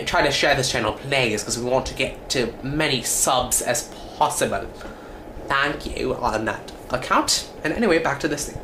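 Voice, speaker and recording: A man's voice: mid-range voice, a bit bright, a little hiss or hum. A teenage boy from the United States, talking in a put-on British accent as he hosts a casual, rambling room-tour vlog with jokes and self-corrections. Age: teens. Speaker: channel host. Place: his bedroom, indoors.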